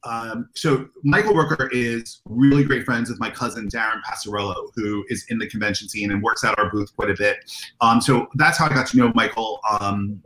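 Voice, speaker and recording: A man's voice: on the low side, normal speed, roomy sound, poor audio. A man being interviewed as a convention organizer, telling enthusiastic anecdotes and acting out the dialogue. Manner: animated, enthusiastic storyteller who acts out dialogue.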